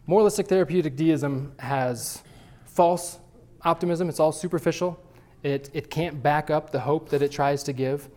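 A man's voice: on the high side, darkish tone. A man teaching a Sunday school class at church, talking conversationally and often restarting his phrases.

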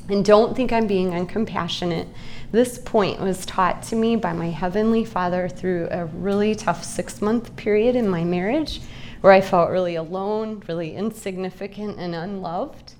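Slow and deliberate, a woman in her forties shares an earnest, confessional Bible teaching with a Christian women's gathering. Her mid-range voice has a darkish tone, and there's slight background noise.

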